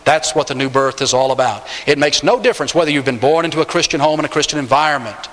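Emphatic preacher in a reverberant hall. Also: male voice, fast talker, fairly bright tone. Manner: emphatic preaching, swings pitch up on key words. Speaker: pastor. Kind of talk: sermon.

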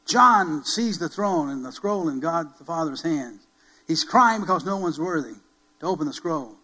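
A man's voice: on the high side, expressive, moderate pace, rough recording. A man preaching a sermon as pastor, asking the congregation questions and repeating key phrases with rising force. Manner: emphatic, repeats key phrases, builds to loud calls.

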